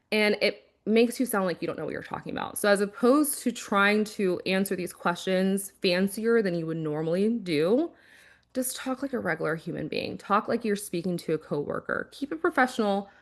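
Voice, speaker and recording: A woman with a mid-range voice talks through job-hunting advice in a relaxed, chatty way. She stays animated, often slips into quick acted-out quotes, and sounds like a former recruiter sharing what she has seen. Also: medium pitch. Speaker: former recruiter and career coach. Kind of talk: casual career-advice talk.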